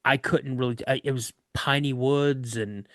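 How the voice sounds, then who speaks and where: A man guest on a podcast, telling a story of an encounter in an animated way and acting out other people's voices. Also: medium pitch, normal speed, no room sound, studio quality.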